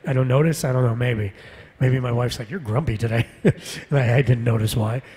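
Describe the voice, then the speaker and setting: A man's voice: mid-range voice, normal speed. A man who voices game characters, chatting casually on a convention panel and laughing often. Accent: Canadian. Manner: laughs often, relaxed and self-deprecating. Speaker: voice actor guest on a convention panel. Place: large convention hall stage. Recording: long hall reverb, husky voice.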